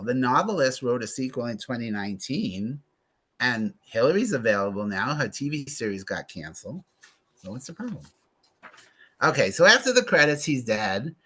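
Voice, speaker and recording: A man's voice: medium pitch, fairly bright tone. A man hosting a casual movie club chat, gossiping and making sarcastic asides about a film and its cast.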